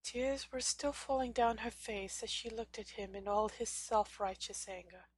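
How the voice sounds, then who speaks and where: A woman narrating a fan fiction audiobook in a dramatic, expressive storytelling manner. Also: a little high, measured pace, husky.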